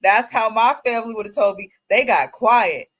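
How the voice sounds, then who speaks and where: Co-host, casual chat, relaxed, agreeable, mid pitch. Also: normal speed. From Southern US family. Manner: relaxed, chiming in with agreement and stories.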